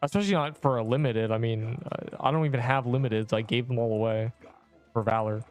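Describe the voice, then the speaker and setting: A man's voice: mid-range voice, brisk, soft background music. Rambling young man streaming a game. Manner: rambling, offhand, slangy, with many restarts. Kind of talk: casual livestream chat answering viewers.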